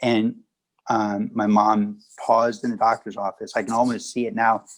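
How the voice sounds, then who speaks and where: A man speaking as a guest at a spiritual gathering, answering questions in a calm, reassuring way. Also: fairly low pitch, normal speed, rough recording. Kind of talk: conversational storytelling.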